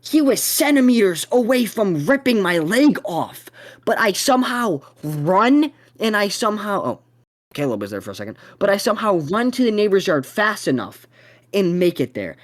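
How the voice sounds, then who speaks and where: A young man hosting a podcast, telling a story in a profane, excitable way. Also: high voice, moderate pace. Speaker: podcast host.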